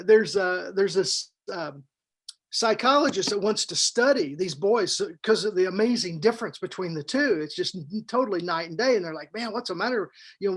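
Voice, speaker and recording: A man, co-host and author on a podcast, tells a story in a casual, animated way, repeating himself and adding fillers as he goes. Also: high-pitched. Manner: animated, rambling storyteller who repeats words.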